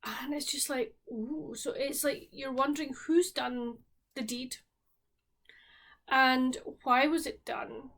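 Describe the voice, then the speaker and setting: Chatty Highland Scottish woman, slightly high. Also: steady tone, slow pace, a bit bright. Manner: candid, chatty, talks straight to viewers. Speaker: book and baking vlogger. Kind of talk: casual book review and cooking chat.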